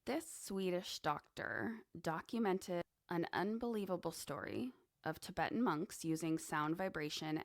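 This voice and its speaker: A woman's voice: low-pitched, creaky, no echo, clean studio sound. A woman hosting a podcast, musing in a casual monologue with conversational asides. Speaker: podcast host. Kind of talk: casual monologue on esoteric topics.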